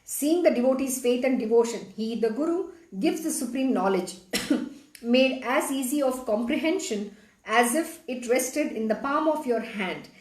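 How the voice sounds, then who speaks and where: A woman's voice: a little high, lively intonation, measured pace, a little mellow, roomy sound. A woman reading a devotional scripture aloud and explaining it in an earnest, emphatic way. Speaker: spiritual teacher reading scripture.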